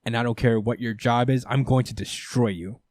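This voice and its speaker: Daredevil, read by a man in his own voice: low, steady menace. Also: a little fast, no echo, studio quality, lightly acted. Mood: defiant. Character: defiant blind vigilante man, vows revenge.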